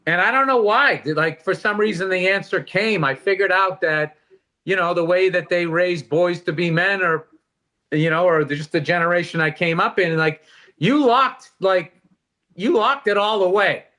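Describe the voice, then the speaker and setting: A middle-aged man with a high, bright voice talks on a casual podcast. He is reflective and candid. He swears loosely as he goes. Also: normal speed. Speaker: podcast host.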